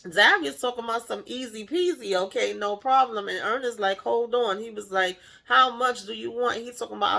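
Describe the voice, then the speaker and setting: A woman recapping a TV episode in casual chat, acting out the characters' lines with animated shifts in voice and laughing along. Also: a little high, gravelly. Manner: animated retelling, playfully acts out the characters' lines; laughs while retelling. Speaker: TV show recapper.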